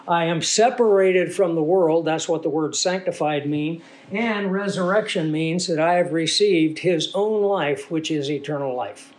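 A man preaching a sermon, teaching with rhetorical questions to the congregation and sounding a little congested. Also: high voice. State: congested from a sinus infection. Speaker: pastor.

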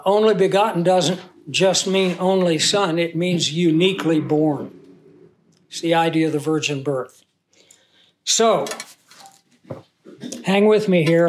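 A man preaching a Bible teaching sermon in a conversational way, asking the audience questions and reading scripture slowly with emphasis. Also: a little high, a little hiss or hum. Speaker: pastor.

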